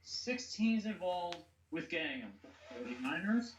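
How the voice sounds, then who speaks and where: Male podcast host, slightly high voice, excitable, roomy distant sound. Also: moderate pace, background noise. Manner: excitable, rattles off sports news. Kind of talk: casual podcast chat. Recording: echoey room, distant mic.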